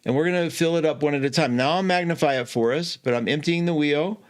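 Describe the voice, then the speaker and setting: Chatty, animated male astrology host. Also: fairly high pitch, quick pace. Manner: chatty, animated, self-correcting with laughs. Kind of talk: casual teaching talk.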